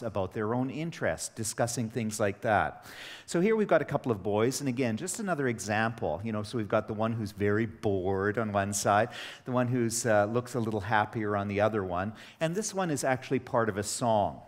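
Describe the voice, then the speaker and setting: A middle-aged man giving a workshop to teachers, telling stories with lively acted dialogue. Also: mid-range voice. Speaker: teacher trainer. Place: training hall. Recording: echoey hall with long reverb.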